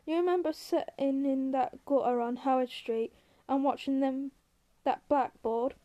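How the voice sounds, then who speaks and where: A woman's voice: sits high, steady tone, measured pace, dull audio. A woman reading as an irritable, scolding small man. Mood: exasperated. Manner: sharp, scolding, cursing. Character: small wiry irritable man, quick and bossy.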